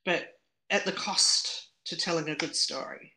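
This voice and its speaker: A woman's voice: sits low, a little slow, pushed and bright, slight background noise. A woman co-hosting a podcast, giving frank, opinionated film criticism in casual chat. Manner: opinionated, critical, laughs easily. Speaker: podcast co-host.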